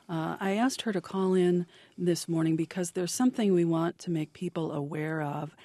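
A woman's voice: on the low side, dark tone, dry recording. A woman hosting a radio talk show, introducing guests in a friendly, plain way. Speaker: radio host.

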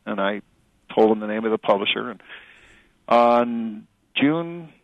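A middle-aged male author and journalist answering interview questions in a thoughtful, halting way with many fillers and restarts. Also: on the low side, expressive, gravelly, no echo. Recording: dry tinny phone-like radio audio.

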